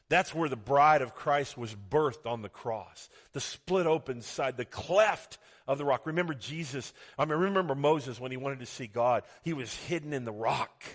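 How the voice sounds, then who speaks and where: A middle-aged man preaching a sermon, reading scripture dramatically and swinging between loud exclamations and soft asides. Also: mid-range voice. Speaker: pastor. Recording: long hall reverb.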